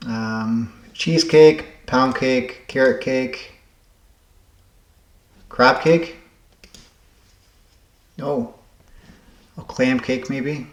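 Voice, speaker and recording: A man thinking aloud as he solves word puzzles, halting and correcting himself as he goes. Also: mid-range voice, steady tone, echoey room. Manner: muttering, halting, self-correcting. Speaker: puzzle game vlogger.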